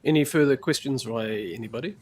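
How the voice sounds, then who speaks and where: A man chairing a council meeting in a procedural, halting way with many fillers, at a chamber table microphone. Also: mid-range voice, darkish tone, a little hiss or hum.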